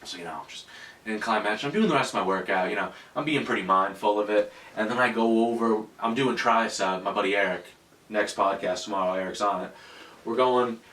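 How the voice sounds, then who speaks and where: Man, podcast host, swearing storyteller, bright tense voice, quick delivery, roomy sound. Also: fairly low pitch, distant mic. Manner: profane storytelling. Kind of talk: casual podcast chat. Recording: echoey room, off-mic.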